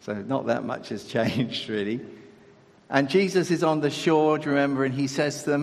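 A man's voice: mid-range voice, fairly quick, vocal fry. A man preaching a sermon in a conversational way, asking his listeners rhetorical questions. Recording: echoey hall.

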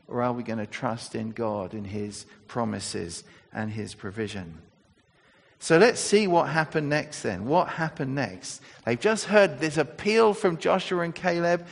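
A man's voice: medium pitch, vocal fry. A man preaching a sermon, telling the story conversationally with fillers and restarts. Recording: echoey church hall.

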